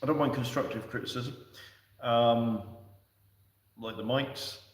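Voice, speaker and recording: A man hosts a casual livestream, chatting to viewers in a rambling, easygoing way full of fillers and restarts. His voice sits at an ordinary middle pitch. He sounds set back from the microphone in an echoey room. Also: steady tone, measured pace. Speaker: livestream host. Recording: echoey room, distant from the mic.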